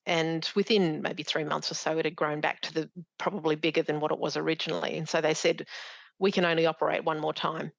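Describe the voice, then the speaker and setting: Low gravelly woman, halting. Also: level tone, no room sound, lo-fi sound. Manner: halting, with many restarts and fillers. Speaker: charity founder, guest. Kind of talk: conversational podcast interview.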